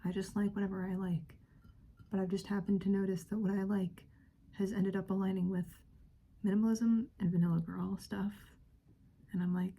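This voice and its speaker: A woman's voice: medium pitch, steady tone, moderate pace, pauses often, mellow, slightly rough. A woman whispering in a friendly role-play, giggling and rambling through casual chat as a friend hosting a visit.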